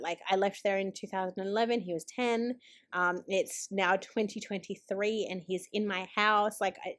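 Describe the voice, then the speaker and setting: A woman, chatting casually as a planner vlogger, full of "um" and "like". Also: medium pitch. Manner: chatty, lots of fillers like 'um' and 'like'. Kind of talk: casual chat.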